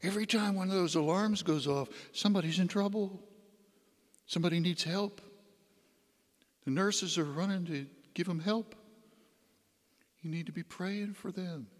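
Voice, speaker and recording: A man voicing the Lord as a calm, gentle male inner voice, in a reverberant church. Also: sits high, normal speed, pauses often, voice pushed up, natural voice.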